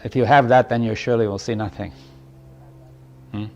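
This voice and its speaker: Halting, thoughtful man addressing a group. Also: medium pitch, fairly even intonation, vocal fry, darkish tone, dull audio. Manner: thoughtful, halting, often asks "right?"; chuckles lightly between points. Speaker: speaker leading a group dialogue. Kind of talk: reflective spoken talk to a group.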